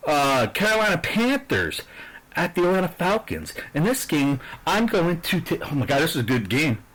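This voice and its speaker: Husky, animated ranting man from New Jersey. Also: a little high, normal speed, poor audio. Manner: profane, aggressive, heated ranting. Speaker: YouTube sports channel host. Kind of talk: ranting sports picks monologue.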